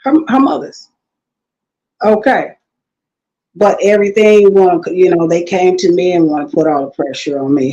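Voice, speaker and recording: A woman's voice: lowish voice, very animated, moderate pace, mellow, highs cut off. A middle-aged woman guest telling stories in a casual talk, acting out the people she quotes and laughing often. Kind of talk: casual storytelling interview.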